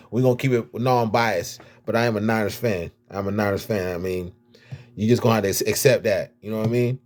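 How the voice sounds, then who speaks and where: A man's voice: mid-range voice, fast talker. A man with a Miami accent, a rapper and vlogger, talking casually about football with lots of slang and repeated words. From United States. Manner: animated, slangy, repeats himself. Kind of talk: casual sports talk vlog.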